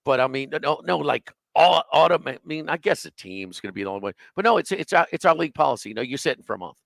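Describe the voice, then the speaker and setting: A man's voice: medium pitch, very animated, quick pace, creaky, fairly bright tone, no echo. A man co-hosting a live sports radio show, chatting casually and rambling with lots of fillers and restarts. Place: restaurant, live remote broadcast.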